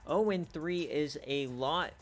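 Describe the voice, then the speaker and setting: A man hosting a league stream, giving casual, jokey play-by-play recaps that swing from low mutters to excited shouts. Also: slow, soft background music.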